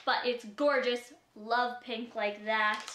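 A young woman from Canada, a YouTuber talking through an unboxing vlog in a gushing, excitable way. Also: a little high, slow, a little hiss or hum. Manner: gushing, excitable, frequent gasps. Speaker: YouTuber opening a gift. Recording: echoey room.

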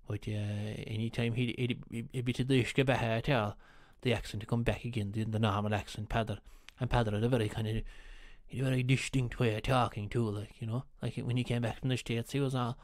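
A man's voice: mid-range voice, steady tone, fairly quick, dry recording, studio quality. A man with an Irish accent telling rambling, earthy anecdotes in casual chat, swearing freely.

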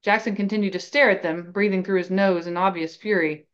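A woman podcast host reading a story aloud in a measured, expressive way. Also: medium pitch. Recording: slightly dull lo-fi recording.

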